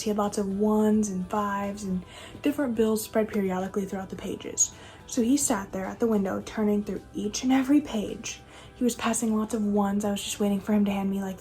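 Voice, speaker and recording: A young adult woman telling stories from her fast-food cashier job in a casual, rambling way, full of filler words. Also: medium pitch, mellow. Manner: chatty, rambling, lots of "like" fillers. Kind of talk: casual storytelling vlog.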